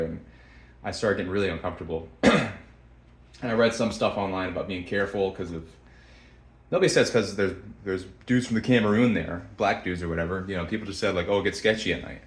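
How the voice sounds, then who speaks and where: A man's voice: low-pitched, fast. A young man telling a story to camera in a rambling, blunt, profane way with many restarts. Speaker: vlogger. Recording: echoey room.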